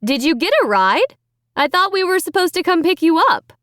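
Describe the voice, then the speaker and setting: A woman's voice: extremely high pitch, sing-song, normal speed, fairly bright tone, dry recording, clean studio sound, pitched above the performer's own voice, exaggerated voice. A woman voicing a mother calling questions from another room. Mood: concerned. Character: mother calling from the kitchen, concerned.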